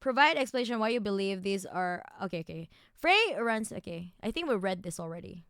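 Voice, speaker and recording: A woman streamer reading documents aloud and ranting at them, angry and profane, shifting between low muttered reading and loud outbursts. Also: lively intonation, a little fast, smooth, no echo, clean studio sound.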